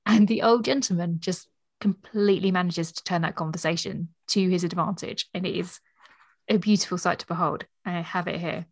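Woman co-host, low voice, book podcast. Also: a little fast. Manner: reads aloud expressively, relaxed chat otherwise. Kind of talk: casual book discussion with a long read-aloud passage.

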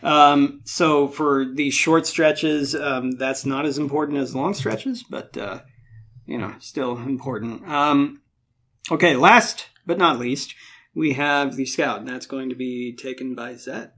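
A man running a tabletop game as game master, explaining rules with frequent fillers and quick laughs. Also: medium pitch, a bit bright.

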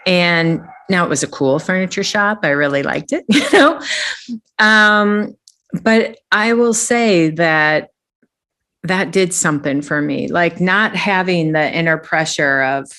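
A middle-aged woman with a low, grounded voice, talking through her story in a relaxed interview. She is reflective and conversational and laughs easily as she goes. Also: takes it slowly. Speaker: guest, executive coach.

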